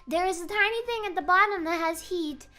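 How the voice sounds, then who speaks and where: A woman streamer chatting casually in a joking, rambling, animated way. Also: very high-pitched, fairly quick. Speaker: VTuber streamer.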